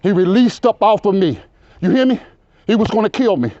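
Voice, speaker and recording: A man in his fifties talks loud and rambles, circling back with "you know what I'm saying" as he tells his story. His voice sits high for a man, and the recording is dull and lo-fi. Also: expressive, a little fast, dry recording. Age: 50s. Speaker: local resident telling his story. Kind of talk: casual conversation.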